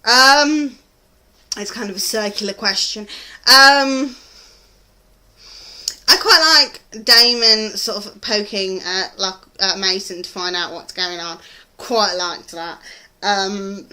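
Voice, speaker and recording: A woman's voice: medium pitch, fairly even intonation, slow pace, pauses often, pushed and bright. A British woman chatting casually in a TV review vlog, rambling and gushing with frequent ums. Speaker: TV review vlogger.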